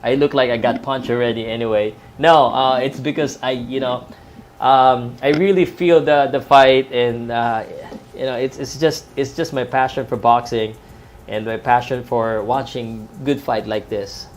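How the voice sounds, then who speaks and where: A man's voice: mid-range voice, fairly even intonation, measured pace, a little hiss or hum. Chatty Filipino man, boxing talk. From Philippines. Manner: chatty, rambling, with many fillers and restarts. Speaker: boxing commentator. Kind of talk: live fight-night talk.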